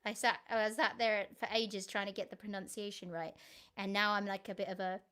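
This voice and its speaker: A woman's voice: medium pitch, little pitch movement, a little fast, a bit bright, clean tone. A woman in the middle of her voice range chats to her viewers in a loose, friendly way. She laughs easily and keeps getting sidetracked before returning to the point. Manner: chatty, giggly, easily sidetracked. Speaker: singer-songwriter hosting a live stream. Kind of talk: casual chat to viewers.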